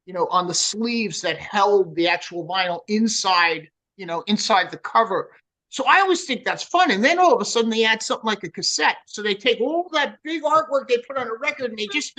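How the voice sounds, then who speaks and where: In a roughly recorded casual interview, a man in his sixties speaks in a high voice with a New Jersey accent. He's a metal singer, animated and profane as he tells stories laced with swearing.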